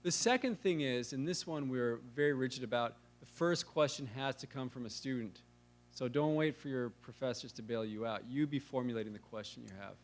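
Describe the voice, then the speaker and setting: A man's voice: medium pitch, a little fast. Wry man hosting a lecture forum. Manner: wry, joking. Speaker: host of a weekly lecture forum. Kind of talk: casual event welcome. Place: lecture room. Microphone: handheld microphone.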